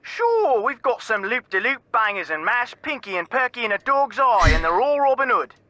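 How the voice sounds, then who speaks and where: A cheery Cockney pub landlord. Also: male voice, extremely high pitch, very animated, moderate pace, sharp tone, no echo, heavily acted. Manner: cheery, speaks in rhyming slang. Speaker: video game character.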